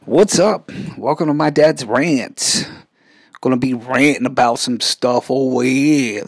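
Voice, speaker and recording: A man in his forties rants casually for his vlog, rambling and sarcastic and stopping himself mid-thought. His voice sits at an ordinary pitch for a man. It is recorded close and dry, with no room sound. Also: takes it slowly, no room sound. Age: 40s. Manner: rambling, sarcastic, self-interrupting. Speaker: vlog host.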